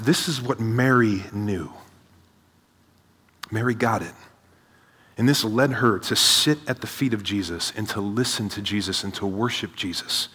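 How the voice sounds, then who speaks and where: A man preaching a sermon to a seated audience, energetic, asking rhetorical questions and often adding "right?". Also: medium pitch, husky. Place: large hall with a live audience. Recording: long hall reverb.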